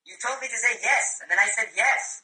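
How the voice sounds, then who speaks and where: A man answering his acting teacher in class, candid and quick, swearing casually. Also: very high-pitched, pushed and bright, low-quality recording. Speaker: acting student.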